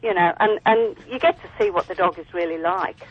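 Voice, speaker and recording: A chatty Australian woman talking about her dogs, her voice a little husky. She rambles with fillers and restarts. The sound is thin and tinny, as if over a phone line. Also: fairly low pitch, a little fast. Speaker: dog breeder guest. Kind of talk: casual phone interview.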